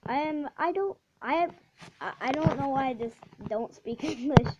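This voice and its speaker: A woman giving casual gameplay commentary as a channel host, halting and restarting often, then bursting into excited exclamations. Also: sits high. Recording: dull lo-fi audio with steady background noise.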